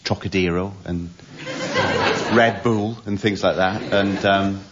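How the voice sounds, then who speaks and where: A man's voice: low-pitched, fairly even intonation, slow, heavy background noise. A man on a comedy panel, telling a comic story hesitantly with many ums. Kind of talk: casual comic banter. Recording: muffled broadcast recording.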